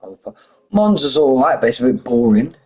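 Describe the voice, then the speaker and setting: Middle-aged British man, husky voice, casual streamer banter. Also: medium pitch, big pitch swings, fairly quick, a little mellow, poor audio. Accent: British English. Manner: chatty, banters with chat, drops h's and says "mate". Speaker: sim racing streamer. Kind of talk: casual live-stream chat.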